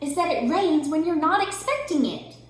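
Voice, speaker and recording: A woman's voice: high voice, animated, moderate pace, a little hiss or hum, voice pushed up. A woman voicing a cranky bunny in a storybook reading, grumbling and complaining. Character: grumbling bunny who loves winter. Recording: very echoey room.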